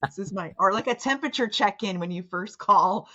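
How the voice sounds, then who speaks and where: A woman's voice: mid-range voice, fairly quick, bright, forceful tone, muffled recording. A woman hosting a podcast, chatting casually with a guest, with loose phrasing and plenty of fillers. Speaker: podcast host and coach. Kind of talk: casual conversation.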